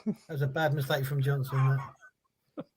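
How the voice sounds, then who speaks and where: A man co-hosting a football watch-along, reacting to the match in casual, animated chat with frequent swearing. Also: mid-range voice, moderate pace, husky.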